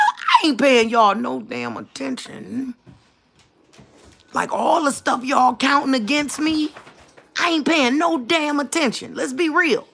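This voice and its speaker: A woman talks on a live stream into a phone or webcam. Her voice is gravelly and bright. She laughs often and jumps into high, animated outbursts. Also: unhurried. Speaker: livestream host. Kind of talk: casual live-stream talk.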